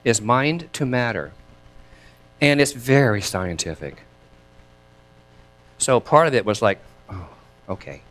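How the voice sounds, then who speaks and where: A man preaching a sermon as minister, chatty and lively, laughing between thoughts and leading his congregation in repeating lines. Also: medium pitch, slow pace, pauses often. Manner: leads the congregation in call and response.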